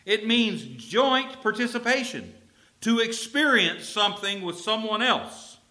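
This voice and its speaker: A man from Texas, a preacher delivering an emphatic sermon and slowing down to stress key phrases. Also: high voice, animated, pushed and bright.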